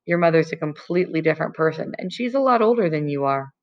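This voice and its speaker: A woman voicing a kind teenage boy who talks gently and reassuringly. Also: sits low, lively intonation, quick pace, muffled recording. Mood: gentle.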